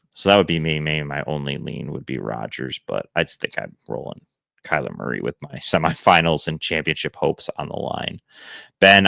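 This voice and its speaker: A man hosting a live fantasy football advice show from home, answering viewers in a relaxed, chatty way. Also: rumbling low, creaky, dry recording, studio quality. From Buffalo area. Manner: relaxed, chatty, quick verdicts with fillers. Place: home room he calls Santa's workshop.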